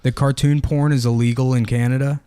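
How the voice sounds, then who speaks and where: A man with a crisp, smooth voice rambles through crude comic riffs in loose podcast banter. The sound is dry and close, with no room around it. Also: medium pitch, flat delivery, a little fast, warm tone, no echo. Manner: crude, rambling, punchline-driven. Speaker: podcast co-host. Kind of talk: casual comedic chat.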